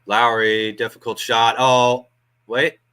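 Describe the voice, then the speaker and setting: A man's voice: mid-range voice, little pitch movement, takes it slowly, pushed and bright, clean tone. A man hosting a fan watch-along stream, giving casual live play-by-play with chatty asides, frequent ums and uhs.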